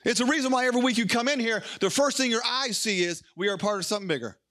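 A man preaching a sermon, animated and acting out little dialogues as he goes. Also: very high voice, rapid-fire. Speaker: pastor.

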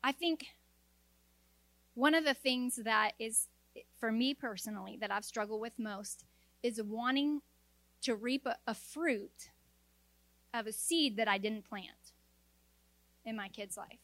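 A woman's voice: on the high side, a bit bright, dry recording. Earnest woman preaching, dry close sound. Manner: earnest and exhorting, with quick asides and acted-out quotes. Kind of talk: sermon to a women's audience.

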